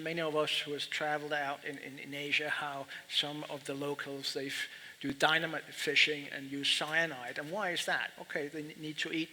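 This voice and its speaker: Halting man moderating in a reverberant hall. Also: a little high, pushed and bright. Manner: halting, reflective, repeats words. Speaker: panel moderator. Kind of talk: panel discussion. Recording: reverberant hall, faint background noise.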